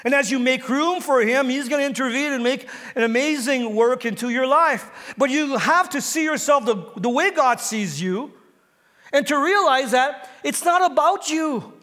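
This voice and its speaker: High-voiced male pastor preaching in a hall. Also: moderate pace, fairly bright tone. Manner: storytelling, asks the congregation questions; builds to emphatic exhortation. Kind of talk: sermon. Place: church sanctuary.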